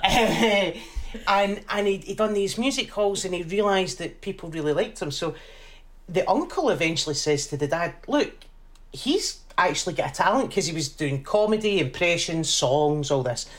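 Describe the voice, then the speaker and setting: A stand-up comedian telling a story in a relaxed chat. He is animated and laughs often as he tells it. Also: high-pitched, normal speed.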